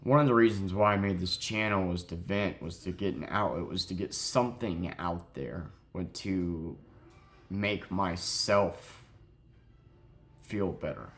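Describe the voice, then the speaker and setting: A young man telling a sad story in a halting, grieving way, close to crying, in a confessional vlog. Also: deep voice, fairly bright tone. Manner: halting, heavy with grief, self-critical. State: near tears. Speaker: vlogger.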